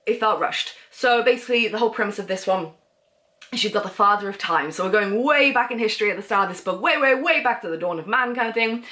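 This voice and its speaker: A woman's voice: mid-range voice, expressive, quick pace, bright, forceful tone. A woman chatting casually about books in a reading wrap-up, rambling and losing her train of thought. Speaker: book vlogger.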